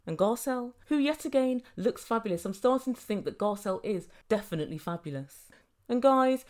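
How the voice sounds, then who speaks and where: A woman's voice: a little high, a little mellow. A woman giving a snarky, gossipy comedic TV recap, with chatty asides to viewers. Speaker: TV recap reviewer.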